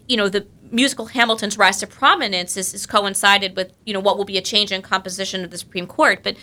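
A woman on a podcast panel speaks with a bright, sharp-toned voice. She builds a careful, formal question, reading out a quote along the way. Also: medium pitch.

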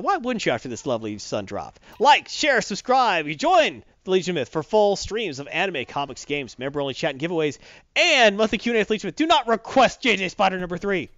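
A man hosting a live stream, chatting casually and hyping viewers in a jokey, animated way. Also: high-pitched, dry recording, muffled recording. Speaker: stream host.

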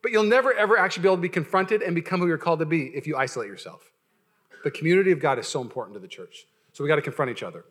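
This is a young man preaching a sermon in a relaxed, conversational way. His voice is bright and forceful and sits a bit high. He jokes often and restarts his sentences as he goes. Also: very fast. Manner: casual, joking, many fillers and restarts. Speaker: pastor.

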